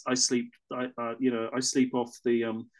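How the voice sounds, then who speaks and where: A man's voice: medium pitch, completely flat delivery, normal speed. An English man telling a personal story in a casual, rambling way, often correcting himself mid-sentence. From England. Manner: rambling, self-correcting, with chuckles.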